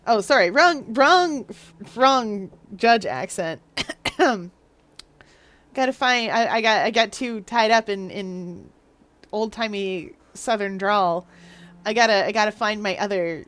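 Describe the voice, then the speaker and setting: A woman's voice: medium pitch, fairly bright tone. A woman streamer in playful, rambling casual chat while playing a game.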